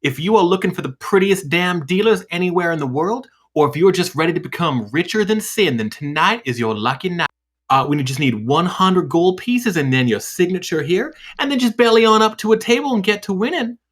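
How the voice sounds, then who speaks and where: A man's voice: high-pitched, big pitch swings, fairly quick, voice pushed up. A man voicing a female devil hostess at a casino, delivering slick, salesy showbiz patter.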